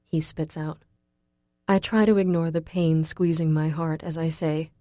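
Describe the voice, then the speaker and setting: Woman narrating an audiobook, dark mellow voice. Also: low voice, level tone, moderate pace, no room sound, studio quality. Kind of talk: first-person audiobook narration.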